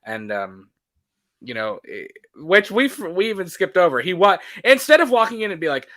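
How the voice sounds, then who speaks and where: A man with a fairly high, bright voice that swings widely in pitch talks through a film in casual podcast chatter. He laughs often and slips into quick impressions of the characters. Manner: animated, laughs often, acts out characters' lines. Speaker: podcast co-host. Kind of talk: casual movie commentary.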